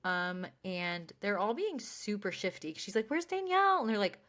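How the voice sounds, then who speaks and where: A woman co-hosting a podcast, chatting casually and recapping episodes with lively quoted voices. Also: mid-range voice, normal speed. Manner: animated, quotes characters in snappy voices. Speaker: podcast co-host.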